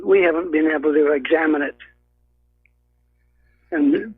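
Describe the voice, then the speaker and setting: A man phoning in to a talk radio show, stumbling through his points with lots of fillers and restarts. His voice is husky and a bit high, coming through a thin, tinny phone line. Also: big pitch swings, no room sound. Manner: halting, with many fillers and restarts. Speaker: caller.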